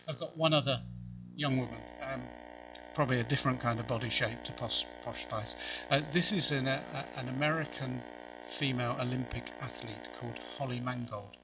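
A man delivers a sermon in a chatty, conversational manner, dropping in wry asides. His voice is bright and forceful. The recording sounds slightly dull, with a faint hum underneath. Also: mid-range voice, normal speed. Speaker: preacher.

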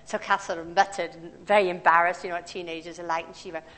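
A woman's voice: on the low side, fairly even intonation, fast, fairly bright tone. Woman in her sixties preaching. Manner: conversational, storytelling with personal anecdotes. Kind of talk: sermon. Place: large church hall. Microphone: handheld or stand mic. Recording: long church reverb.

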